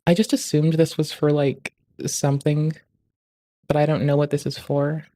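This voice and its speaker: A livestreamer talks through the stream in casual commentary, swearing nonstop. The voice sits at a middling pitch and keeps a crude, ranting edge. It spikes loud and high whenever a rant builds. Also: flat delivery, moderate pace, dry recording. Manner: profane, ranting, crude jokes; rising loud and high in outbursts.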